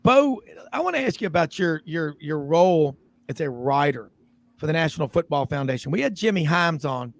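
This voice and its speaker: A man's voice: on the high side, very animated, normal speed, gravelly, dry recording. A middle-aged man, hosting a sports radio show in a rambling, casual way full of fillers.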